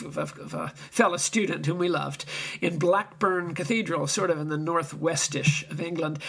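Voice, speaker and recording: An older man preaching, telling stories in an animated and emphatic way, often chuckling. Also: high-pitched, vocal fry, breathy edge. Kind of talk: anecdotal sermon.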